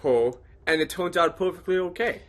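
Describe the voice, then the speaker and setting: A man's voice: high-pitched, moderate pace. A man co-hosting a film podcast, talking in a joking, ironic way. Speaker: podcast co-host. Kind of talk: casual film chat.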